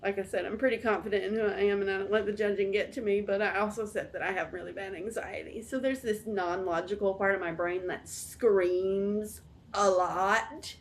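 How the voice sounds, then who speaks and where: A woman's voice: medium pitch, fairly even intonation, normal speed, slight background noise. A woman in her thirties talking casually to camera as a vlog host, candid and rambling. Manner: rambling, candid and self-deprecating. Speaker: channel host.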